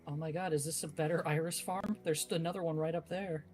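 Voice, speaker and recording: A man playing a co-op game, chatting casually with quick, excitable reactions and the odd swear when surprised. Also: on the high side. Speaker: player in a co-op game. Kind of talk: casual gameplay chat.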